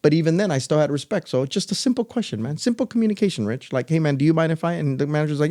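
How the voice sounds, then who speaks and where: A middle-aged podcast co-host spins a story in casual chat, speaking rapid-fire in a mid-range voice. He's an animated, loose storyteller who acts out other people's lines as he goes.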